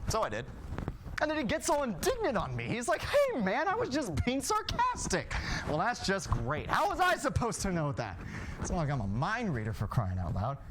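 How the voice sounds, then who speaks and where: A man delivering an absurd comic monologue, lurching between frantic shouts and a low deadpan storytelling tone. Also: a little fast, noisy background. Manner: manic, shouting, swings from loud outbursts to low deadpan. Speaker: student performer.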